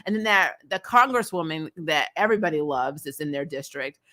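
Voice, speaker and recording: A woman talks through a TV episode in a loose, chatty way, full of fillers and quick laughs. Her voice is bright and a little tense, and she sounds openly exasperated and opinionated as she goes. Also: deep voice, expressive. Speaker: host. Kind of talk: casual TV episode recap.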